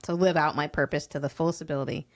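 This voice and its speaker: A woman hosting a business podcast, speaking in a fairly low voice. She backs up her guest with steady "yeah"s and thoughtful reflections on purpose. She closes the episode with thanks and a call to subscribe. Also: quick pace. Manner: affirming, supportive, frequent "yeah" and "mm". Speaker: podcast host.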